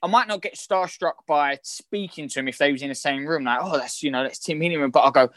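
A man with a London accent, a guest actor chatting in a rambling, halting way with many restarts. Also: on the high side, a bit bright, no room sound. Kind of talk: casual chat.

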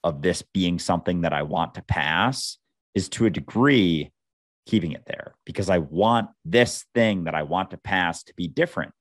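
A man's voice: deep voice, lively intonation, moderate pace, no echo, studio quality. A man hosting a casual chat, earnest and philosophical, swearing casually.

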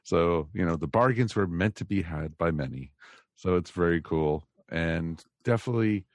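American man, podcast host, very deep voice, rambling casual chat, dry close sound. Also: lively intonation, moderate pace, no room sound. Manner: rambling, many fillers.

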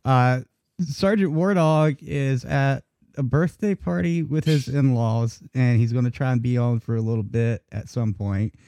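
A man's voice: medium pitch, a little slow, mellow, dry recording. A man hosting a live internet radio talk show, chatting loosely and laughing as he goes. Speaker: host. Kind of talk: casual live radio chat.

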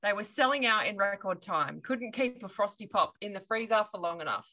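A woman's voice: mid-range voice, animated, brisk, sharp tone. A woman co-hosting a casual podcast, telling a story with wry asides and frequent laughter.

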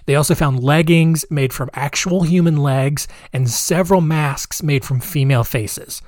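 A young man with a slightly high voice casually recounts a true-crime story. He is chatty and loose, full of fillers and asides, recorded dry and close. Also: moderate pace, a little mellow, no room sound.

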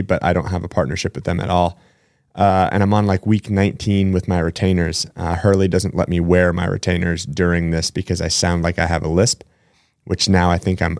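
A deep, slightly mellow male voice hosts a casual solo podcast, recorded dry with clean studio sound. He chats in a rambling way, drifting into side-tracks and correcting himself.

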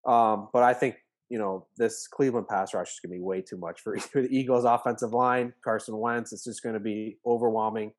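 A man joining a sports podcast as a guest, reasoning through his pick in a measured way. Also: fairly low pitch, steady tone. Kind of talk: casual sports talk.

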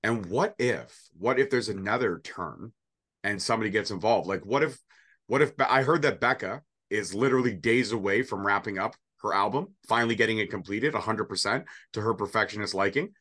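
Joking low-voiced man predicting wrestling. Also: brisk, a bit bright. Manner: joking, rambling, sarcastic asides. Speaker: podcast co-host. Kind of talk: casual wrestling prediction chat.

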